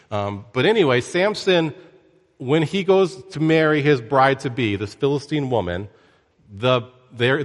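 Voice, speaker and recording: Male Bible teacher, casual and wry, mid-pitched voice, long room reverb. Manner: conversational and joking, with lively asides.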